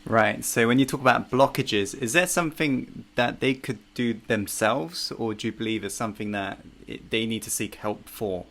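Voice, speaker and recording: A man's voice: mid-range voice, moderate pace, few pauses, fairly bright tone. A man hosting an interview, listening attentively and asking short follow-up questions. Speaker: interview host.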